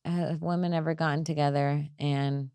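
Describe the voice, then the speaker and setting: A woman's voice: deep voice, fairly even intonation, normal speed, dark tone, clean tone, no room sound. A woman comedian hosting a casual podcast, brash and rambling, often laughing at her own jokes.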